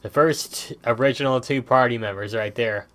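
A man giving relaxed, rambling commentary while playing a video game, casual and offhand. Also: mid-range voice, normal speed. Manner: laid-back, rambling, says "dude" a lot. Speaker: let's play host.

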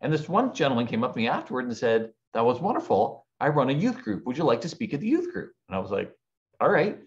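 A man's voice: medium pitch, big pitch swings, quick pace. A man in his forties tells his career story as a podcast guest, acting out what others said. His voice sits in a middle register. The audio sounds dull and lo-fi. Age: 40s. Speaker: guest speaker. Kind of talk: storytelling interview.

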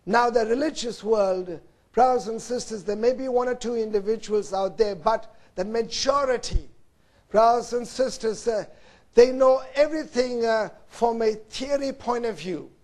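A man preaching a sermon, swinging from loud emphasis to hushed low tones and often addressing his listeners as brothers and sisters. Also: moderate pace.

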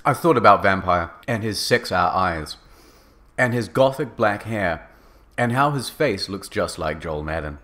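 A man's voice: sits low, animated, unhurried, fairly bright tone. A man narrating in a comedic dramatic reading with an exaggerated, mock-earnest delivery.

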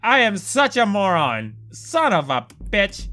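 A man giving let's play commentary on a horror game, excitable and prone to profane outbursts. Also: high-pitched, slow, hardly any pauses, soft background music. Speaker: gameplay commentator.

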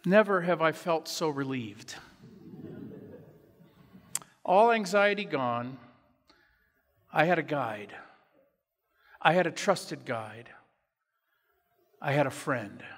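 Male pastor, earnest storytelling sermon, high voice, echoey sanctuary. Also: animated, slow pace, pauses often, a bit bright. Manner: earnest, personal storytelling preaching. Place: church sanctuary.

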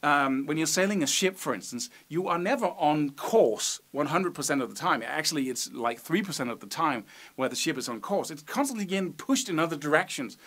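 A guitar teacher with a slightly high voice explains picking technique in a patient, conversational way. He often checks in with the viewer and sings rhythms out as syllables, with a guitar heard now and then. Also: lively intonation, a little fast, fairly bright tone.

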